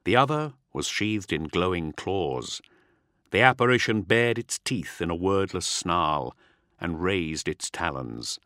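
A man narrating an audiobook with a dramatic, expressive reading. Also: deep voice, a little slow, no echo, studio quality. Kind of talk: scripted narration.

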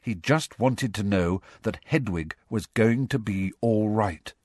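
A man narrating a storybook in an expressive storytelling manner. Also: on the low side, unhurried, no room sound, studio quality. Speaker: audiobook narrator. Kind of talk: scripted narration.

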